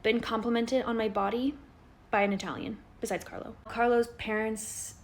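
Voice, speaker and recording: A woman's voice: fairly even intonation, normal speed. A woman in her twenties from Colorado, chatting in a casual vlog and filling her talk with "like" as she acts out other people. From Colorado, United States. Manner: chatty, heavy use of "like", acts out quoted people in higher voices. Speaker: vlogger. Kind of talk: casual talking-to-camera vlog.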